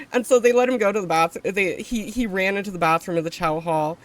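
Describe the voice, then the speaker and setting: A woman's voice: medium pitch, brisk, hardly any pauses. A woman streamer tells a story to her live chat in a loose, rambling way. She swears freely and trips through fillers and restarts as she goes.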